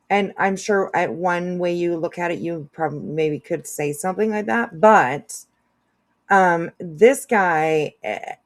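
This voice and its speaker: A woman hosting a casual commentary video, rambling with lots of fillers and restarts. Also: fairly low pitch. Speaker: commentary channel host.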